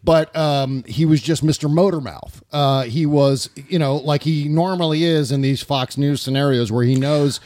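A man hosting a political comedy podcast, rambling and profane and quick to laugh. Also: fairly high pitch, darkish tone, no room sound. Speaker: podcast host. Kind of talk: casual political comedy chat.

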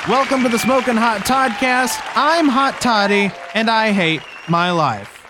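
A man's voice: extremely high pitch, lively intonation, unhurried, crowd noise, noisy background. A man hosting a comedy podcast, playing an exasperated, put-upon version of himself. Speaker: podcast host.

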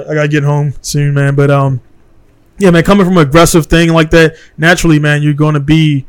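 A blunt, worked-up man from Baltimore talks in a slightly higher than usual voice. He hosts a relaxed podcast conversation in a studio and keeps dropping "man" into his sentences. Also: fairly quick, smooth, soft background music. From Baltimore, USA. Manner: blunt and heated, peppers speech with "man".

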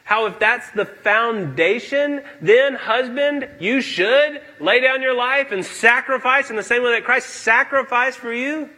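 A male pastor preaching a sermon in a church, emphatic and animated, acting out quotes. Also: very high voice, measured pace, few pauses, poor audio.

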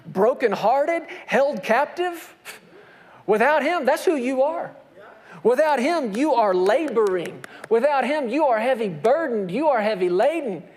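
A man's voice: very high-pitched, a little mellow, big-room sound. A man preaching a sermon, emphatic, asking the congregation rhetorical questions. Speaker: pastor.

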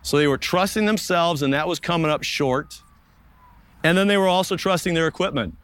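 A man preaching a sermon at an outdoor service in a park, earnest, with slow, emphatic pauses. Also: on the high side, a bit bright, smooth, no echo. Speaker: pastor.

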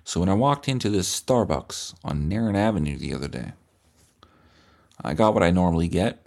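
Gravelly man telling comic stories. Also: sits low, normal speed. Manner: crude, deadpan, rambling. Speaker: comedy podcast host. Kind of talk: comic storytelling monologue.

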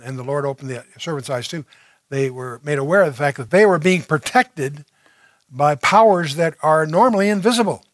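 Higher-voiced man teaching scripture, dry sound. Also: no echo. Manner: conversational, with fillers and restarts; reads scripture aloud, then explains it. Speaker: Bible teacher. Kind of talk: verse-by-verse Bible teaching.

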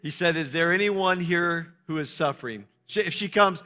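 A man's voice: on the high side, normal speed, sharp tone. A man preaching as a pastor, speaking informally to his congregation and asking it short questions. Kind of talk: sermon. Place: church hall. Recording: church hall reverb.

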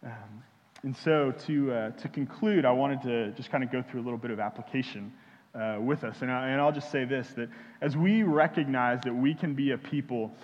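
A young male pastor from Houston gives a sermon in a halting, earnest way, full of "um"s and restarts. His mid-pitched voice rings out with a long hall reverb, and the recording sounds dull and muffled. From Houston, Texas. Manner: halting, many fillers and restarts.

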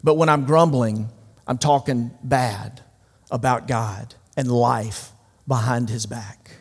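A man preaching a sermon to a large room, emphatic and swinging from loud declarations to hushed asides. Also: medium pitch, steady tone, slow, breathy edge. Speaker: pastor. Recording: long hall reverb.

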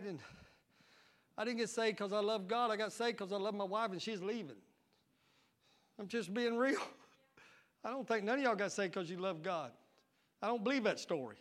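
Fervent pastor, male, bright piercing voice, preaching style. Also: sits high, normal speed, pauses often. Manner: shouting, fervent preaching with call-and-response. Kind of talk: sermon.

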